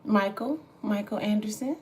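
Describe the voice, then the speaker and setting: Woman, 40s, livestream host and spiritual reader; candid, salty and chatty, middle-pitched voice. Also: normal speed, a little hiss or hum. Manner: candid and swears freely, drifts into tangents. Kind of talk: casual livestream chat.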